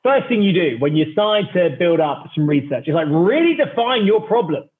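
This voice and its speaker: A man's voice: high voice, very animated, a little fast. Tinny-sounding man telling a story. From England. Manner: swears freely, cheeky and theatrical. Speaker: startup founder, guest. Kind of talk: animated anecdotal storytelling. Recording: tinny phone-like remote line.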